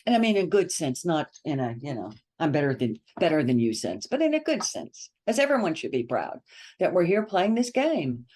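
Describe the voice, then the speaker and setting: A woman's voice: low-pitched, very animated, normal speed, a little mellow. A woman guest on a casual podcast interview, laughing often and repeating her words for emphasis. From United States. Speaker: author and guest.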